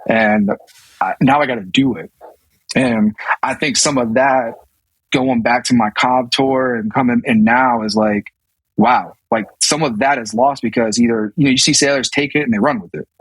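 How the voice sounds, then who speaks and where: A man's voice: mid-range voice, normal speed, slightly rough, no echo, low-quality recording. A man in his thirties, a navy command master chief and podcast guest, telling a story casually with many restarts and acted-out quotes. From US South.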